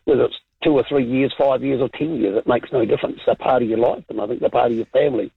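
A man's voice: medium pitch, fast, creaky, husky, no room sound. A man calling a talkback radio show by phone, rambling and repeating his words. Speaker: caller. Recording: dull lo-fi phone line.

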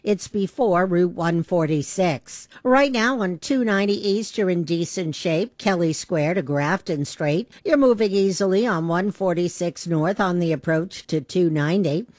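A woman giving a radio traffic report in a brisk, businesslike way. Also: lowish voice, darkish tone, no echo, studio quality.

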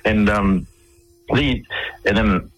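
Low husky man. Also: slow, a bit bright, rough recording. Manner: rambling anecdotes with frequent restarts. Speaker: interview guest. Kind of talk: radio interview storytelling.

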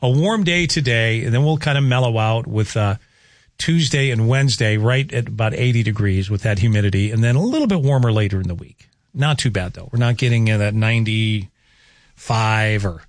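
A man's voice: lowish voice, moderate pace, dry recording. A man hosting a morning radio show, chatting casually and rambling through the weather. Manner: folksy, rambling, chuckling asides. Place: radio studio. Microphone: studio microphone.

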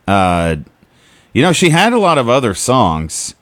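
A man co-hosting a radio show, bantering casually with dry, deadpan humor. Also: medium pitch, unhurried, no room sound. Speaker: radio co-host.

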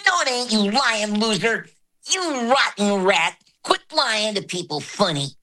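A man's voice: sits high, lively intonation, unhurried, sharp tone, voice pushed up, heavily acted. A man voicing a sneering schoolboy bully who taunts his rival. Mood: taunting. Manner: taunting, jeering.

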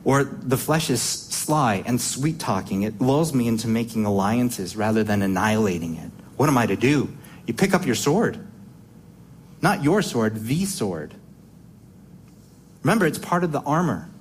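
A man's voice: mid-range voice, expressive, normal speed, a little hiss or hum. A man preaching a sermon in an emphatic style, posing rhetorical questions and often repeating words as he restarts his sentences.

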